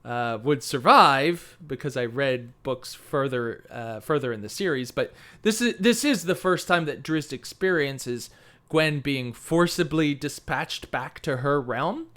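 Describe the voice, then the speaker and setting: A man's voice: mid-range voice, animated, measured pace, fairly bright tone. A man co-hosting a book podcast, talking animatedly with lots of fillers and laughter. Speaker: podcast co-host. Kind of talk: casual book discussion.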